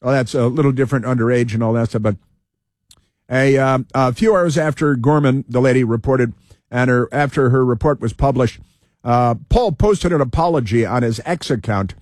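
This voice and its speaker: A man's voice: mid-range voice, normal speed, a little mellow, no echo, studio quality. A man hosting political commentary, reading news aloud with sarcastic asides, fillers and restarts.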